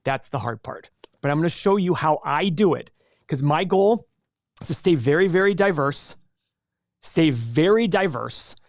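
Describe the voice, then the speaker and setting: Energetic man teaching an investing class. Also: normal speed, no room sound, clean studio sound. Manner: energetic, animated salesman pitch. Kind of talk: live webinar teaching.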